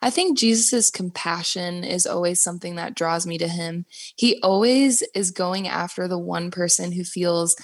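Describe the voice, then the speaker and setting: A woman's voice: on the low side, normal speed, hardly any pauses, no echo. A young woman, a worship leader, talking earnestly and reflectively about her faith in a podcast conversation. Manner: earnest, reflective, with soft laughs.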